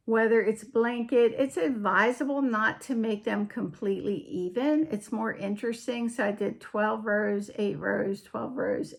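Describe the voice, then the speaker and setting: Slow-talking, chatty woman crafting host. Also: a little high. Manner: chatty, unhurried, trails off and restarts mid-sentence. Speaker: podcast host. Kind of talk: casual crafting show-and-tell.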